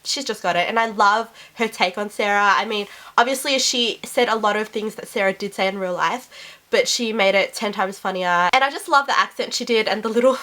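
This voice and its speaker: A woman's voice: mid-range voice, brisk, bright, forceful tone. A woman vlogger chatting casually and gushing, with lots of "like" fillers. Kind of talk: casual chat.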